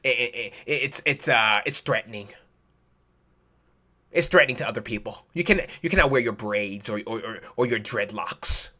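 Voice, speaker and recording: A man's voice: medium pitch, sharp tone, pitched below the performer's own voice. A man voicing a stammering male authority figure who nervously forbids braids and dreadlocks. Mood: nervous scolding. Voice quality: halting, stuttering.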